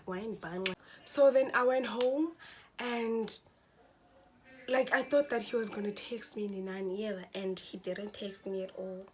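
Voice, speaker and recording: A woman's voice: medium pitch, a little mellow, slight background noise. A young woman tells a dramatic storytime vlog, talking to her viewers as guys and mixing in slang. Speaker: vlogger.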